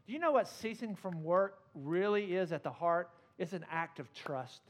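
A man preaching a sermon as pastor, earnest and conversational with gentle humor. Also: sits high, expressive, normal speed, few pauses.

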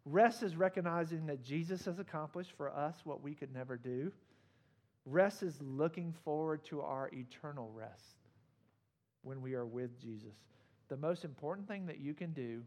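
A male pastor delivers a sermon in an earnest, conversational way, slipping in gentle humor. His voice sits a little higher than most men's. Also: normal speed.

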